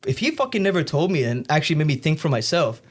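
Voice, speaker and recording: A young man hosting a podcast, chatting casually and swearing freely as he tells animated stories. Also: on the high side, fast. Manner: profane, storytelling, animated.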